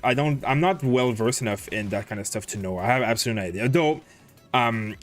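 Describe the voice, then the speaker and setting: Man, gaming livestream host, animated up-and-down intonation, casual thinking aloud, lots of ums, faint music underneath. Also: mid-range voice. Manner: thinks aloud, answers chat questions with many fillers. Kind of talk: casual livestream commentary while playing.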